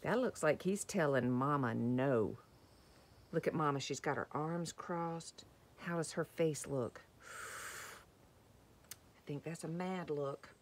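A woman reading a picture book to young children, gentle and slow, asking questions about the pictures. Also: low voice, a little hiss or hum. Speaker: children's story time reader.

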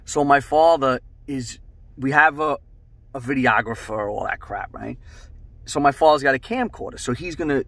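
A middle-aged man hosts and spins a rambling tale, cursing freely and animated in his delivery. His voice sits at an ordinary pitch, dry and close to the mic with no room sound. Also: moderate pace, creaky, dry recording. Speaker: host. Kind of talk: casual storytelling.

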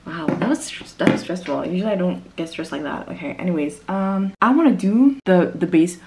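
A woman's voice: on the low side, expressive, a little fast, mellow. Chatty woman. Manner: rambling, chatty, self-interrupting. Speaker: music arranger vlogger. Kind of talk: casual chat to camera. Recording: roomy echo.

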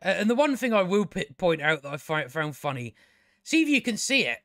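A man's voice: high voice, very animated, brisk, a bit bright, no room sound, studio quality. A man giving a casual, rambling review of a TV episode, chatty, with frequent restarts and casual swearing. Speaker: TV review channel host.

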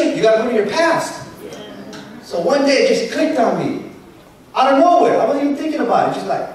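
A man from Southern California giving a motivational keynote speech, telling stories and acting out dialogue. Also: extremely high pitch. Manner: storytelling, animated, acts out dialogue with a Spanish switch. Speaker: keynote speaker. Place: large convention hall. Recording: echoey hall from far off, faint noise.

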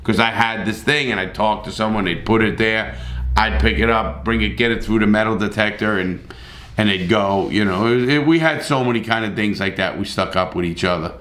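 Man, middle-aged, blunt and profane, casual storytelling, low-ish pitch, roomy echo. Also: fairly quick, a bit bright.

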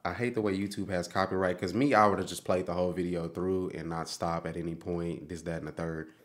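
A man's voice: sits low, steady tone, fairly quick. A man hosting a music reaction video, chatting casually and saying "bro" a lot. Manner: laid-back, says "bro" a lot, chuckles.

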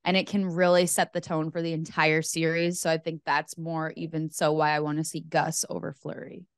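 A woman's voice: deep voice, little pitch movement, moderate pace, clean tone, dry recording. A woman co-hosting a sports podcast in casual chat, dry and good-humored. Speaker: podcast co-host.

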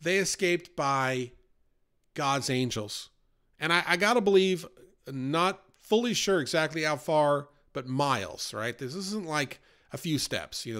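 A man's voice: a little high, a bit bright, clear, resonant tone. A man gives a casual Bible study. He talks in a chatty way and often checks in with "right?" and "you know?". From New York. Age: 40s.

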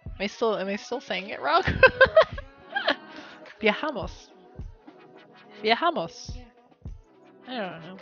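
Bright, giggly woman streamer. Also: fairly high pitch, wildly swooping pitch, takes it slowly, pauses often, muffled recording, soft background music. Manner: giggly, playful, repeats words to practise them. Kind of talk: casual chat while studying a language.

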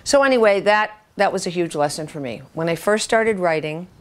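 A fairly low-pitched woman talks a little fast. In her seventies and a writing teacher, she's telling an audience unguarded stories, swearing openly and acting out the voices of the characters she quotes.

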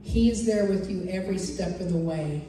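A woman preacher telling stories from her life in a lively, humorous sermon. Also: fairly low pitch, normal speed, a little hiss or hum. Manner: lively, humorous, animated storyteller. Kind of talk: sermon with personal storytelling. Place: church or conference hall. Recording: echoey hall from far off.

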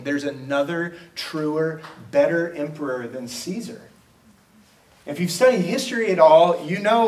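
A man preaching a sermon as a pastor, talking in a conversational way and acting out quoted exchanges. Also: on the high side. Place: church auditorium. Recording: roomy, from a distance.

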